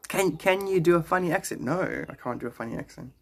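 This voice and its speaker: A man's voice: high voice, animated, quick pace, a bit bright. A man streaming live and chatting casually with viewers, rambling and joking with frequent chuckles. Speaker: livestreamer. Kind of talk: casual livestream chat.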